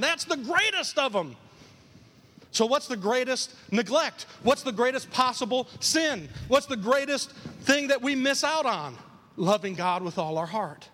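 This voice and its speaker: A man preaching a lively sermon as pastor, acting out quoted voices and repeating key lines for emphasis. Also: very high-pitched, big-room sound. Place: church.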